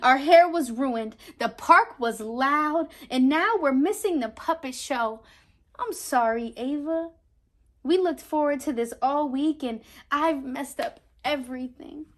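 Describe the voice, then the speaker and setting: A woman's voice: high-pitched, slow. A woman voicing a weary, apologetic mother in a storybook read-aloud, reading her lines with emphasis. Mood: defeated.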